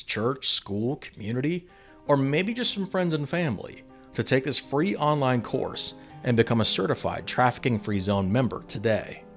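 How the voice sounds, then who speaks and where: A man reading a scripted promotional announcement, clear and deliberate, spelling things out slowly. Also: mid-range voice, fairly bright tone. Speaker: announcer for the podcast.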